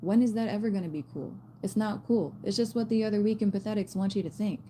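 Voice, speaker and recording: A woman giving a casual spiritual message to her viewers, blunt and animated, swearing and using slang as she talks. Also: medium pitch, fast, a little hiss or hum. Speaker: spiritual reader.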